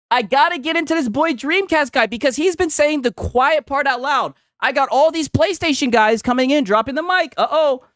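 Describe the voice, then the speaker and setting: Brief: male streamer, casual reaction chat, loud and joking, animated delivery, dry booth sound. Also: extremely high pitch, no echo. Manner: loud, joking, swears freely, laughs often.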